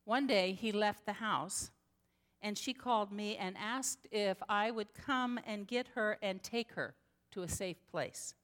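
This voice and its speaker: Slow, earnest woman preaching in a hall. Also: medium pitch, fairly bright tone. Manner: slow, earnest storytelling with dramatic pauses. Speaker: pastor. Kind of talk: sermon. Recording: long hall reverb.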